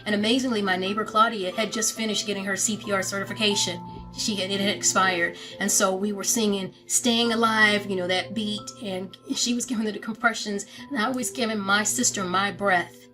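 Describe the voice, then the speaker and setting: A woman giving a somber, measured, plain-spoken personal account to her followers. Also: medium pitch, steady tone, bright, forceful tone, faint music behind, low-quality recording. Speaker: family member making an announcement.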